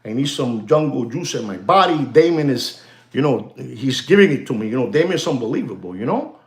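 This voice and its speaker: Excitable man ranting on a live stream. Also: medium pitch, a little fast. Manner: animated, excitable, constant "you know" fillers; teasing, lecturing the audience. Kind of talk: rambling live-stream monologue. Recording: roomy, echoey room sound.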